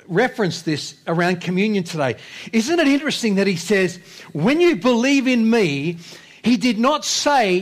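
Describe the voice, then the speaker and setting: A man preaching a sermon as pastor, impassioned, repeating phrases, swinging between loud exhortation and hushed low lines. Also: husky.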